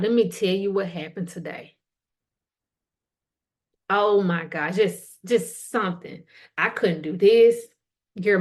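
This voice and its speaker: A woman briefly slipping into a self-pitying friend who always has a new drama to share. She gushes and sighs through every complaint, in a voice of ordinary pitch. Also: natural voice.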